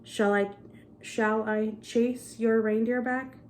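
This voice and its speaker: A woman voicing a grumpy but earnest male bear, gruff and blurting, in a read-aloud storybook. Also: on the high side, little pitch movement, slow pace, darkish tone, a little hiss or hum.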